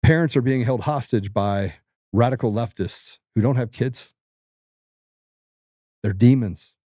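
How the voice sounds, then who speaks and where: A man's voice: medium pitch, measured pace, mellow, dry recording, studio quality. A middle-aged man hosting political commentary, blunt, combative and emphatic. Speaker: host.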